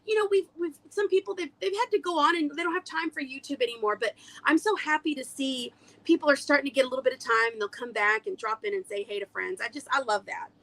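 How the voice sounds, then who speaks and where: High-voiced chatty woman streamer. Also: fast talker, fairly bright tone. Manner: chatty storyteller who laughs often. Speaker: vintage haul livestream host. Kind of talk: casual livestream chat. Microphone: webcam on a video streaming app.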